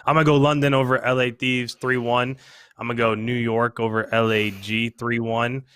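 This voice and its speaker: Bright-voiced man making predictions. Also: mid-range voice, flat delivery, moderate pace, clean tone, no room sound. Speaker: esports coach guest. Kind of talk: casual podcast chat.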